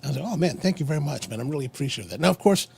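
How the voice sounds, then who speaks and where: A man's voice: fairly high pitch, animated, racing, gravelly, darkish tone, slightly rough. A man co-hosting a casual chat show over coffee and cigars, telling a rambling story with many restarts. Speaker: podcast co-host.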